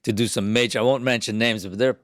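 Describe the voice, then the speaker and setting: A man hosting an interview, speaking in a reflective, measured way. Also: medium pitch, steady tone, a bit bright, dry recording, studio quality. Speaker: host. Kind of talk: interview conversation.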